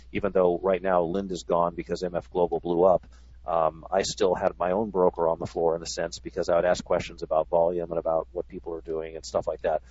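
A man's voice: sits low, darkish tone, slightly rough, no room sound. A man on a radio talk show, a trader who talks in an earnest, rambling way. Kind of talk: casual radio chat. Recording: dry, dull lo-fi sound.

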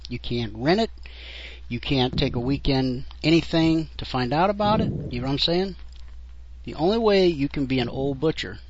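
A man hosting a radio talk show, telling a story in an animated way. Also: mid-range voice, a little hiss or hum. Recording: dull lo-fi radio sound.

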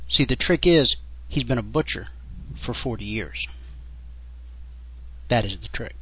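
A man hosting a radio talk show, telling a story in an animated way. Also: medium pitch, a little slow, pauses often, slight background noise. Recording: dull lo-fi radio sound.

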